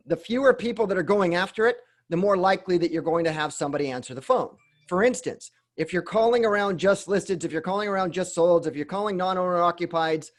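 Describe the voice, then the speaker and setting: A man teaching a webinar on sales, talking conversationally, often tagging on "right?" and restarting his sentences as he goes. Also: sits high. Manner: conversational, keeps adding "right?" tag questions; restarts and rephrases mid-sentence. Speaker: real estate sales coach.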